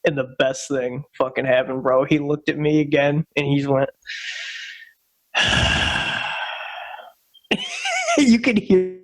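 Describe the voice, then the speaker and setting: A man's voice: fairly high pitch, normal speed, hardly any pauses, a little mellow. A man co-hosting a casual podcast, telling a rambling, profane story and repeating himself a lot. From Upstate New York. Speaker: podcast co-host. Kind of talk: casual chat.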